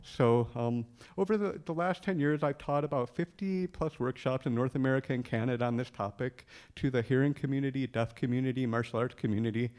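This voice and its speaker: A man's voice: mid-range voice, fairly quick, hardly any pauses, a little mellow. A man telling a funny personal story, acting out the lines of the people in it and laughing often. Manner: humorous storyteller, acts out dialogue. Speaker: speaker telling his story. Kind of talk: storytelling talk.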